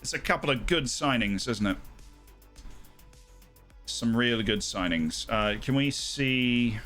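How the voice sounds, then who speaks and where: A man's voice: mid-range voice, animated, slow pace, a bit bright, faint music behind. A young man with a posh English accent giving rambling, enthusiastic live commentary on a game he is streaming. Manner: rambling, enthusiastic, self-interrupting. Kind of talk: casual live gameplay commentary.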